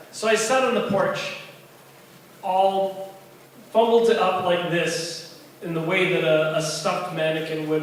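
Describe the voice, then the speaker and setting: At a bar's open mic night, a man tells a story animatedly, acting out the voices of kids and friends in it. His voice is on the high side with a little hiss or hum, heard from far off in the echoey room.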